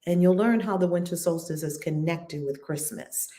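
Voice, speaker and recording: A reverend with a New York accent speaks from her own home in a livestreamed spiritual session. She is effusive and leans on repeated affirmations, then slows into a measured, chant-like guided prayer. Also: on the low side, warm tone.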